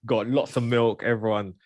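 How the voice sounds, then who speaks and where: A man's voice: medium pitch, dry recording, studio quality. A man, co-hosting a podcast in laid-back, easygoing chat.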